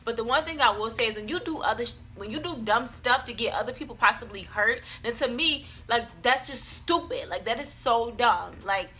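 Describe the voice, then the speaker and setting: A young woman tells a story to her camera, chatty and dramatic, with plenty of fillers along the way. Her voice sits a little high and sounds bright and forceful. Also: brisk, few pauses. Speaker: vlogger. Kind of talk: storytime vlog.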